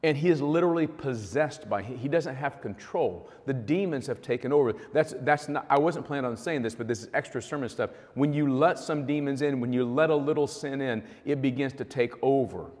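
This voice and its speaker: A male pastor delivers a sermon in a relaxed, talky manner, painting scenes and pausing on fillers. His mid-range voice carries a long reverb from the church hall. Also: mid-range voice. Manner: conversational, vivid storytelling with fillers.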